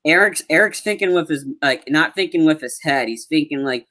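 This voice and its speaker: A man's voice: a little high, brisk, few pauses, a bit bright. A man co-hosting a casual movie review podcast, talking in a loose, rambling way with lots of fillers. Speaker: podcast co-host.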